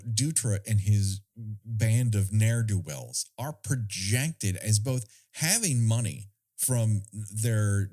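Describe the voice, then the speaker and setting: A podcast co-host with a lowish, somewhat dark voice chats casually about a film, telling stories in a sardonic, profane way.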